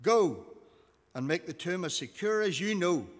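A man's voice: high-pitched, animated, measured pace. A man reading the lines of a stern, weary male Roman governor in a scripture reading. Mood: dismissive. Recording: long reverb of a hall.

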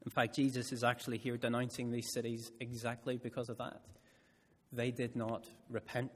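A man preaching a sermon who tells stories with expression and slows right down to stress key words. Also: medium pitch. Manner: expressive storytelling delivery, slowing down for emphasis. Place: church hall. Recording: church hall with long reverb.

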